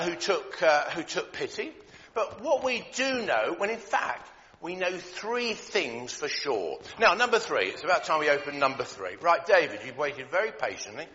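A man giving a playful, jokey Christmas talk to children in a church hall, with many filler pauses. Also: high-pitched, sharp tone. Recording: echoey hall, dull lo-fi sound.

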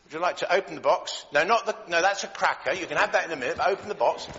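A man giving a playful, jokey Christmas talk to children in a church hall, with many filler pauses. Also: fairly high pitch, bright, forceful tone. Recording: echoey hall, dull lo-fi sound.

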